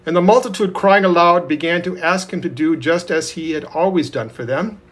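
A man reading scripture aloud in a steady, measured way. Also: a little high. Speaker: scripture reader.

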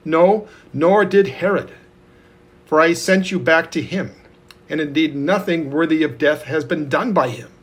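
A man reading the lines of a troubled Roman governor in a husky, fairly high voice, with earnest questioning. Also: a little slow. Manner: earnest read-aloud questioning.

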